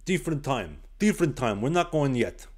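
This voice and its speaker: A man's voice: mid-range voice, very animated, a little fast, pitched above the performer's own voice. A man voicing a stern Slovak hockey coach who never smiles, speaking in clipped, terse phrases with an Eastern European accent. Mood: gruff. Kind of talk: impression within podcast storytelling.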